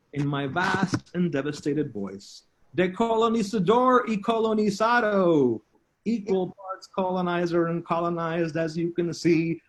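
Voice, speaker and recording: Poet, man, high voice, slow delivery, improvises verse into a phone at home while alternating between two languages. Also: fairly bright tone. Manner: switches back and forth between two languages line by line, self-translating; halting, drawn-out phrasing with pauses and fillers. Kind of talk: improvised bilingual poetry reading. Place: at home, walking around the house.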